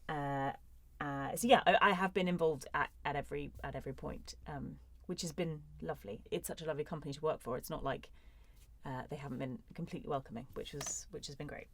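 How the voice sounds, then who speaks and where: Deep-voiced and fast, a thirty-something actress answers her fans' questions in an easygoing, chatty studio session with no room sound. Her humor is playful and self-deprecating.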